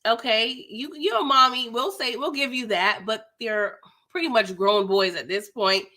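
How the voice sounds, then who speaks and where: A woman's voice: a little high, moderate pace, sharp tone. A young woman giving a sassy, slangy, casual recap of a reality TV episode, full of "like" and "girl".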